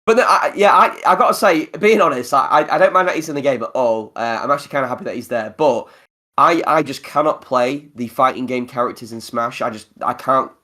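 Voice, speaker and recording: A man's voice: medium pitch, a little fast. Rambling podcast host, man. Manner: rambling, animated, laughs often. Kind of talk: casual gaming chat.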